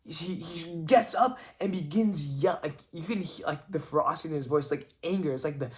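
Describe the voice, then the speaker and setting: A young man talks straight to his camera in a casual vlog, earnest and reflective. His voice sits a little high for a man, and his speech is full of "like" and restarts. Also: fast talker, few pauses. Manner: chatty, many "like" fillers, earnest and reflective. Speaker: vlogger.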